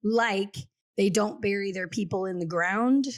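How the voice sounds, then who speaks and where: A woman real estate agent co-hosting a casual chat, talking in an animated, storytelling way and acting out the quotes she tells. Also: medium pitch, measured pace. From Kansas City area. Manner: chatty and animated, acts out quotes.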